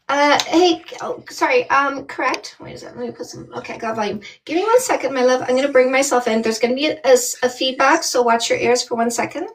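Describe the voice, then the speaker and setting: A woman's voice: sits high, fairly quick, recorded from a distance. A woman from Canada, a dating coach, chatting casually and bubbly with viewers on a livestream, often laughing.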